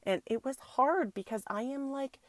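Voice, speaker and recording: A woman hosting her own podcast, telling a personal story in a casual, animated way and mixing in spiritual affirmations for her listeners. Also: high voice, moderate pace, no room sound. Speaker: podcast host.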